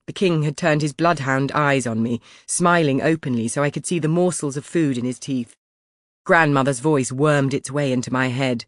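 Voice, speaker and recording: A man's voice: a little high, no room sound, clean studio sound. Man narrating a historical audiobook. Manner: measured, expressive storytelling. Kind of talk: first-person scripted audiobook narration. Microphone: close studio mic.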